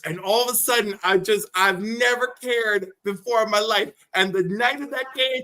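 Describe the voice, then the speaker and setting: Guy with a bright high-ish voice, rambling through funny stories, acts out every bit. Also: moderate pace. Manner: animated storyteller who acts out voices in his anecdotes. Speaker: guest on a collectibles stream. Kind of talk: casual chat, storytelling.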